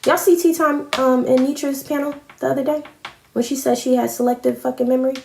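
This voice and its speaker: A woman delivers a confrontational live-stream rant, full of profanity and pointed repetition. Her voice sits a little high. The sound bounces around an echoey room. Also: fairly even intonation, fast talker, gravelly, dark tone, a little hiss or hum.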